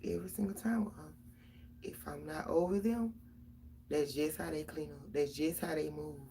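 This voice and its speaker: A woman's voice: low-pitched, normal speed, gravelly, warm tone, a little hiss or hum. A middle-aged mother, venting casually and profanely straight to her viewers about her kids.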